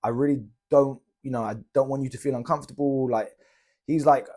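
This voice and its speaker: A man's voice: mid-range voice, fairly quick. A young British man casually retelling a travel story, chatty and slangy, acting out the people he met. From Britain. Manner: chatty, slangy, animated retelling with quoted dialogue. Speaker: travel vlogger.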